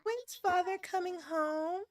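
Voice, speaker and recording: A woman plays a small child from a visual-novel game, innocent and curious, who asks question after question. The voice sits far above the reader's own, sweet and light, over a soft music bed. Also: very high voice, a little slow, voice pushed up. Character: small curious child asking about father.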